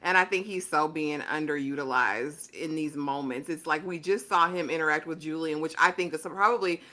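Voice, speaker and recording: A woman panelist giving an articulate, measured critique in a casual TV review discussion. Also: sits low, bright, forceful tone.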